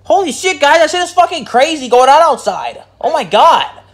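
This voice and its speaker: A woman acting in her own amateur home movie, loud and excitable, swearing constantly. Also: high voice, moderate pace, dry recording. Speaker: maker and lead actor of a home movie. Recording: loud background noise.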